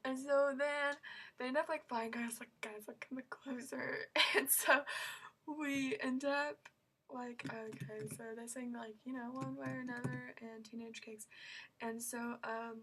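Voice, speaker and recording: A woman's voice: high voice, steady tone, measured pace, fairly bright tone, a little hiss or hum. A teenage girl telling a story in a vlog, gushing and rambling with many fillers and squealing when she quotes herself. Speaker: vlogger.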